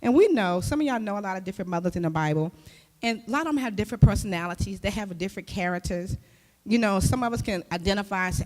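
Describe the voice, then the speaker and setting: A woman giving a conversational sermon as a church speaker and youth teacher, who talks in a lively way and keeps asking her listeners questions. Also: mid-range voice, quick pace. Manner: lively, with rhetorical questions to the audience. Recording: long hall reverb.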